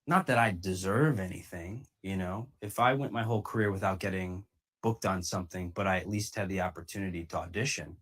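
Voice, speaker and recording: Man, actor telling a story, lowish voice, candid, acts out quotes. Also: fairly quick, fairly bright tone. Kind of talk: storytelling clip.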